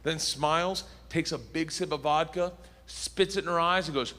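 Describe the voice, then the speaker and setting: A man doing stand-up storytelling on stage, loud and animated, shouting punchlines. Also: fairly high pitch, moderate pace. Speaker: stand-up comedian. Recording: live theater with reverb and light noise.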